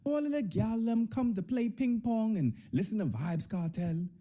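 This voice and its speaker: A young man with a Bahamian accent telling a comic personal story, swinging between high and low pitch. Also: lively intonation, normal speed, warm tone, soft background music.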